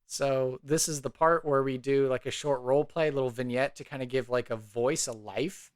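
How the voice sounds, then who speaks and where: A man at mid pitch guides a tabletop role-play as game master, talking loosely with fillers and asides as he paints a scene. The recording is dry and close, with no room sound. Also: fairly even intonation, normal speed, no echo. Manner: rambling with fillers, descriptive. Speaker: game master and podcast host. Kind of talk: casual narration of a tabletop game.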